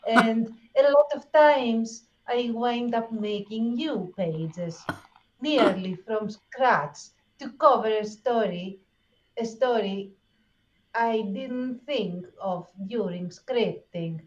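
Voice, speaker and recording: Woman putting on a drawn-out vampire count, old-world, on dull lo-fi audio. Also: fairly high pitch. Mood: brooding. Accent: put-on vampire accent. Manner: slow, drawn-out reading.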